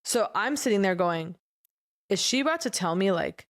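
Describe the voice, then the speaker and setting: A woman co-hosting a casual comedy podcast, telling a story with lively quoted voices. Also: normal speed. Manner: animated storyteller, acts out quoted voices with big pitch jumps. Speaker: podcast co-host.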